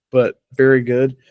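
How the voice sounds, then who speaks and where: A man hosting a casual interview, asking quick, teasing questions. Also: mid-range voice, no echo, phone-quality sound. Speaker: podcast interviewer.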